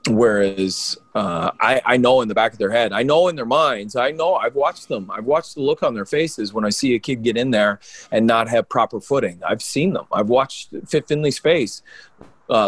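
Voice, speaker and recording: A man, a pro wrestler co-hosting a podcast, tells stories in an animated, rambling way and keeps restarting his sentences. His voice sits at a middle pitch. The recording is close and dry. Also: husky, no echo. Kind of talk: casual storytelling on a podcast.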